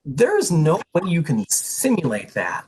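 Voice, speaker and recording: A man's voice: fairly high pitch, wildly swooping pitch, measured pace, noisy background. A middle-aged man advising prospective pre-health students, talking in an earnest, emphatic and direct way. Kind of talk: info session talk to prospective students.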